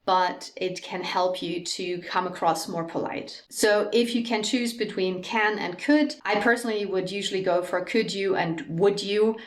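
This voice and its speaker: A middle-aged woman with a German accent, an English teacher giving a lively, chatty online lesson with a sing-song intonation. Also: mid-range voice, normal speed, few pauses.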